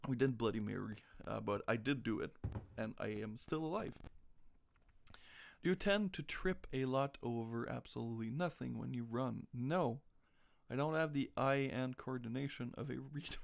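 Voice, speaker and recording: A man's voice: mid-range voice, moderate pace, gravelly. A man chatting casually on a live stream, joking crudely and reading quiz questions aloud. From North America.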